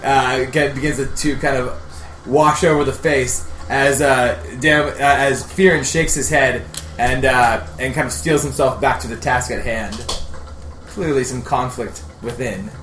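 A man playing a tabletop game, describing his character's actions hesitantly, with many pauses. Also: medium pitch, steady tone, fairly bright tone. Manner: hesitant, full of fillers. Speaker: player. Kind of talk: casual tabletop play. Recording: echoey room with background noise.

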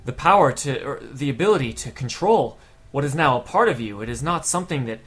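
A man's voice: mid-range voice, lively intonation, a bit bright, slightly rough. A man voicing a serious, analytical female scholar in a tabletop game, speaking formally and carefully. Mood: worried. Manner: formal, measured speech.

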